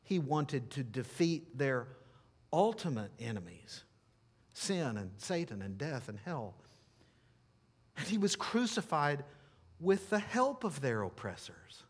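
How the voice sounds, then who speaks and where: A man pastor preaching a sermon and leading a closing prayer, emphatic, swinging from loud declarations to hushed lines. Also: mid-range voice, sing-song, slow pace, breathy edge.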